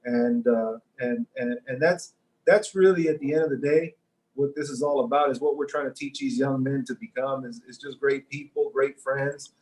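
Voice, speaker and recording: A man with an ordinary mid-range voice speaks earnestly and sincerely. He is a coach talking over a video call. His delivery is steady and measured. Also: medium pitch, poor audio. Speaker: high school football coach. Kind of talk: casual remote interview.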